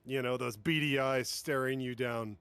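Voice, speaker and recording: A man's voice: mid-range voice, steady tone, normal speed, a bit bright, smooth, no room sound. Dry-voiced male game master. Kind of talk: narrating a tabletop game.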